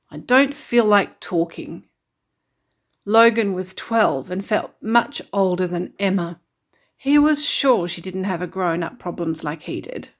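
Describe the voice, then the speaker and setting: Woman, storyteller, children's story read aloud, steady, clear, medium pitch.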